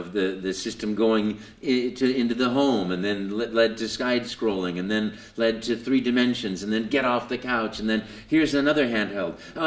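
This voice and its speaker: A man being interviewed at a convention, telling his story with lots of fillers and jumping into high put-on voices for quotes. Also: roomy sound. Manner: lots of fillers and repeated words. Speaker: voice actor guest. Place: convention hall.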